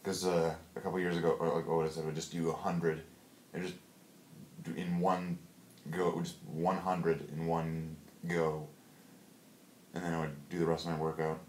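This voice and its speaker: Deep-voiced male vlogger, workout ramble, self-mocking, echoey room. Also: little pitch movement, normal speed, darkish tone. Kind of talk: casual talk during a home workout. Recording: echoey room, faint noise.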